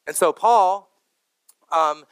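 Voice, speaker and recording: A man's voice: high-pitched, extremely slow, fairly bright tone, smooth, no room sound. A male pastor preaching a sermon to his congregation, telling stories in a conversational way and asking the room questions.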